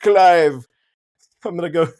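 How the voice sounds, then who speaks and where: A man's voice: fairly high pitch, slow, darkish tone, voice pushed up. A man putting on a British accent to play an indignant older author. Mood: mock indignant. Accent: British, put on.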